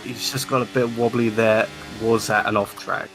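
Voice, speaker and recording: A man with a low voice talks calmly through a sim racing lap, corner by corner. He explains braking points and racing lines in a relaxed, instructive way. Clear music runs behind him. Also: normal speed. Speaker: lap guide commentator.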